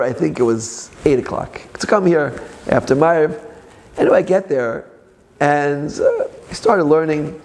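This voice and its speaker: A man's voice: a little high, slight background noise. A man speaking as a rabbi, giving a Torah class with personal stories and joking asides. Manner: animated storyteller with joking asides.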